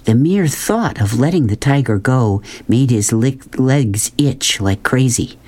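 Slow, expressive woman reading a story. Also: extremely low pitch. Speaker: children's book reader. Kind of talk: reading a children's novel aloud.

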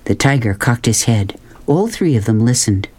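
A woman hosting a children's program, reading a novel aloud with measured, expressive storytelling. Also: a bass voice, breathy edge. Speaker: children's book reader.

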